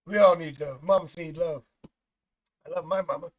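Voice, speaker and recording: With a steady tone and moderate pace, a talkative middle-aged man gives live tarot readings and casual chat, easily sliding into family stories and laughing as he talks. His voice sits a little high, and the stream's audio comes across dull and lo-fi.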